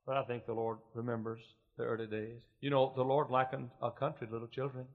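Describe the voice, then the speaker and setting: Middle-aged pastor, folksy sermon voice that builds to loud preaching, dull lo-fi recording. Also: male voice, medium pitch, flat delivery, brisk. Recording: muffled lo-fi recording.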